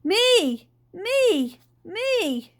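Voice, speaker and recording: A woman voicing an excitable, dreamy dad who believes he is a birdman, talking in an eager, breathless way. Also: slow, full character voice. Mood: excited. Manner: eager, breathless, high and loud.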